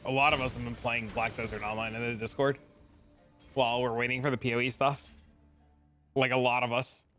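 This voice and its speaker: Bright-voiced guy streaming games, chatty and swears a lot, bit of music under him. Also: medium pitch, a little fast. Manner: chatty, profane, animated storyteller. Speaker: game streamer. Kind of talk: casual chat.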